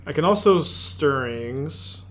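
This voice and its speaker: A man's voice: a little high, lively intonation, takes it slowly, slight background noise. A man playing an online card game and thinking aloud as he plays, musing, correcting himself and muttering asides.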